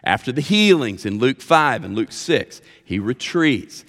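A man preaching a sermon as pastor, expressive and emphatic, with deliberate pauses. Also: mid-range voice. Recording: reverberant hall sound.

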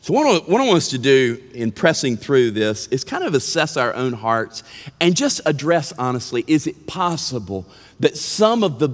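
A man preaching a sermon as a pastor, with earnest, drawn-out emphasis, sometimes mimicking whiny complaints. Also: mid-range voice, sing-song. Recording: long reverb of a large hall.

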